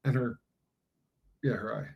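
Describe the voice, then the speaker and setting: A man's voice: mid-range voice, steady tone, unhurried, gravelly, lo-fi sound, crowd noise. A man with a Southern US accent co-hosting a casual livestream, with dry, teasing banter. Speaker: livestream co-host.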